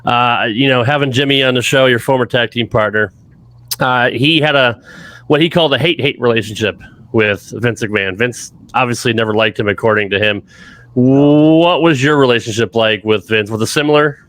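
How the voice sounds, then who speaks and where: A man's voice: medium pitch, normal speed, fairly bright tone, no room sound. A man hosting a casual interview, laughing along and asking questions. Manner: laughs along, short backchannel replies. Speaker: podcast host.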